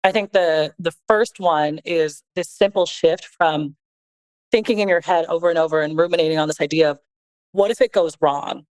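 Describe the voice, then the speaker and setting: Earnest lower-voiced woman on a podcast. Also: normal speed, a little mellow, clear, resonant tone, rough recording. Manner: earnest, reflective, conversational. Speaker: podcast guest and co-author. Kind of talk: casual podcast conversation.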